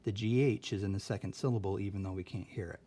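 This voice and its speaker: A man's voice: lowish voice, fast, mellow. A young man teaching a recorded spelling lesson, patient and careful, often checking in with "okay?".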